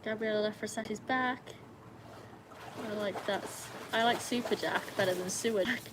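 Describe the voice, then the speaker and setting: A young woman hosting a casual live stream by a pool at night. She chats, laughs often and calls to her dogs in a high sing-song voice. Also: normal speed, background noise. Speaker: livestream host. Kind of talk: casual live-stream chat reading comments.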